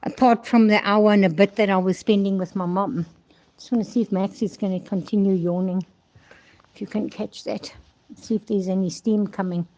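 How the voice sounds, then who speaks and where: A woman's voice: mid-range voice, steady tone, normal speed, mellow. An older woman from South Africa chatting casually in a vlog outdoors at a horse stable, rambling and talking fondly to her horses, recorded on a handheld phone. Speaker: vlogger.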